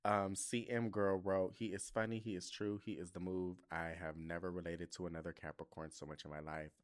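A young man hosting his own podcast in a casual, camp, expressive way, swearing freely and laughing at himself. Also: deep voice. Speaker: podcast host. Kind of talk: casual solo podcast chat.

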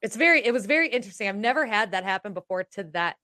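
A woman co-hosting a casual chat, talking quickly and rambling, often trailing off quietly. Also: medium pitch, animated, no room sound, studio quality. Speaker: co-host.

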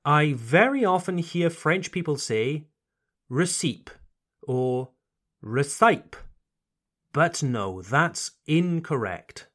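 Slow, lively man teaching pronunciation. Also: on the high side. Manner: slow, careful over-articulation of words; mixes in short French phrases. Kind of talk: podcast lesson for French speakers.

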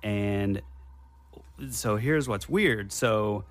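Low-voiced man rambling through a story. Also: drawn-out words. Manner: rambling, detail-heavy recounting with many restarts. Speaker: podcast guest telling a personal story. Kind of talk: casual spoken storytelling.

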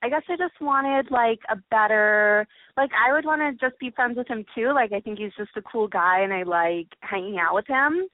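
A woman's voice: on the high side, moderate pace, few pauses, dry recording. A young woman calling in to a radio show. She talks in a hesitant way and fills her speech with "like". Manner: hesitant, uses lots of fillers. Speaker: caller. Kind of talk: casual chat. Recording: dry phone line.

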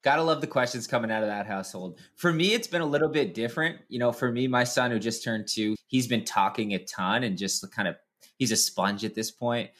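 A man's voice: medium pitch, a little fast, fairly bright tone. A man hosting a casual sports podcast, upbeat and chatty with lots of filler words. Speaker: podcast host.

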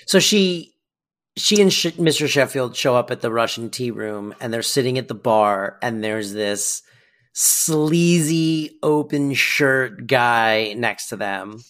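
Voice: medium pitch, lively intonation, slow pace, fairly bright tone. A podcast co-host casually recapping a sitcom episode, playful and prone to silly theories.

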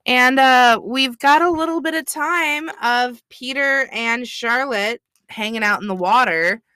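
Smooth-voiced woman swearing casually. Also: high voice, measured pace, sharp tone, no room sound, clean studio sound. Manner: blunt, swears freely. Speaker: podcast co-host. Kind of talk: casual chat.

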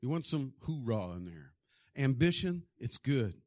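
A man preaching a sermon, telling stories and acting out the people in them, often swinging from quiet to loud. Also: mid-range voice, sing-song, measured pace, no room sound, clean studio sound. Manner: storytelling, acts out voices with big swings in loudness.

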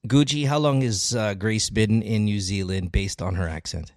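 A man hosting a casual call-in podcast, playful and joking, with sudden loud laughs and casual swearing. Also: fairly low pitch, normal speed, no echo, studio quality. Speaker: podcast host taking calls.

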